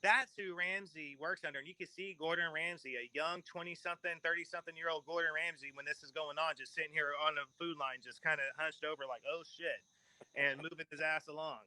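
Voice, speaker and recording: A man's voice: on the high side, steady tone, quick pace, few pauses, bright, forceful tone, smooth, no echo, rough recording. A man hosting a casual podcast chat, telling long rambling stories with laughs mixed in. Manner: rambling storyteller, laughs mid-sentence. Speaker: podcast host.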